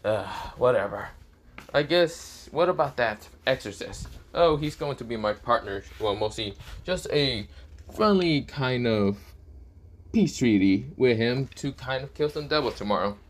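A man's voice: medium pitch, lively intonation, measured pace. Young man doing a crude bloodthirsty dragon spirit, cursing, eager for a kill, storytelling voice.

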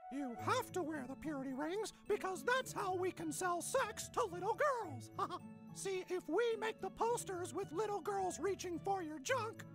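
An actor playing a cartoon mouse who runs things as an abusive boss, squeaky and giggling, flipping into screamed threats. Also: male voice, animated, a little slow, over music, heavily acted. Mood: smug. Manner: high chirpy voice, giggles after lines, bursts into screaming threats. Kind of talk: animated comedy acting.

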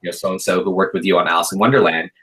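A man in his thirties, a guest artist on a podcast, telling stories in a relaxed, chatty way with plenty of fillers. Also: deep voice, very fast, poor audio. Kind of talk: casual podcast chat.

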